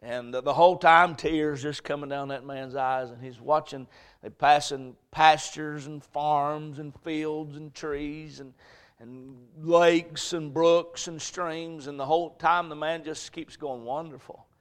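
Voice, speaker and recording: A male pastor preaching a sermon, swinging between shouted emphasis and quiet storytelling. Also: fairly high pitch, steady tone, takes it slowly, clear, resonant tone. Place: church sanctuary.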